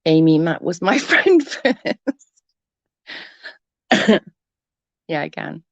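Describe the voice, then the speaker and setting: A woman's voice: deep voice, very animated, very slow, vocal fry, no room sound, dull audio. A woman, congested from hay fever, chatting casually with her livestream viewers and reading out their comments, swearing freely and giggling. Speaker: livestream host reading chat. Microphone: close computer mic.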